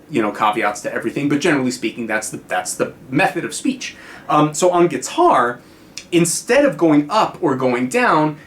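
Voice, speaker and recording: A man's voice: a little high, fairly bright tone. An American man giving a casual guitar lesson on video, chatty and full of fillers, often checking in with "right?". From United States. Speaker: guitar teacher.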